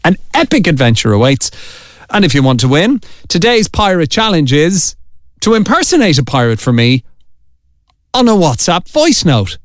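An Irish man presenting a radio competition promo in an energetic, salesy way, repeating the key details. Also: fairly high pitch, no room sound, clean studio sound. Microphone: studio mic, dry.

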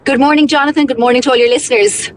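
A woman's voice: high voice, steady tone, racing, no echo. A woman with an Irish accent, a politician speaking earnestly on a phone line in a radio interview, with frequent restarts.

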